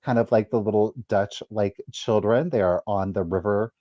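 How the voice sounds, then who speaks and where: A man's voice: fairly low pitch, moderate pace, dark tone, dry recording. A man hosting a live sale, carefully describing each item in detail. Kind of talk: livestream sales pitch. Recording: dull, dry lo-fi sound.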